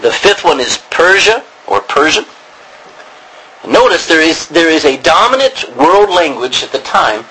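A man's voice: on the high side, very animated, unhurried, sharp tone, husky, low-quality recording. A man teaching a class on biblical Greek, rambling with many ums and restarts. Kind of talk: classroom lecture.

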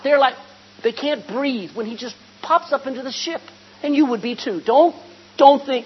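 A woman preaching a sermon, retelling a scripture story with animated storytelling, asking the congregation questions and calling for amens. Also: high-pitched, moderate pace, slightly rough. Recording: dull lo-fi recording with faint hum.

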